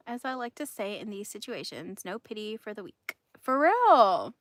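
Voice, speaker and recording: A woman's voice: fairly high pitch, big pitch swings, moderate pace, fairly bright tone, dry recording, studio quality. A woman hosting a livestream, telling gossip in a casual, indignant way and laughing often. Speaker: livestream host.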